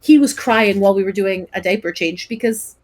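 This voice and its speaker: A young woman co-hosting a casual podcast, telling stories in an animated way, full of "like" and "um". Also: mid-range voice, brisk. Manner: animated storyteller, many "like" and "um" fillers. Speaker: podcast co-host. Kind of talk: casual chat.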